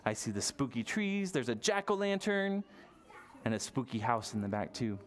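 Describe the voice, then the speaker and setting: A library storytime leader reading a picture book aloud to toddlers, playful and animated, with gasps and silly sounds. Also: medium pitch, normal speed. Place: public library storytime session.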